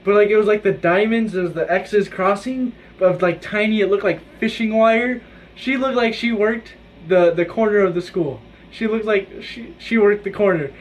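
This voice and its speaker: A man's voice: high voice, normal speed, slight background noise. A teenage boy vlogging to camera about his school day, rambling with lots of "like" and laughing through his stories. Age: teens. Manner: rambling, many "like"s, laughs while telling stories. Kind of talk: casual chat to camera. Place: indoors with his own video light.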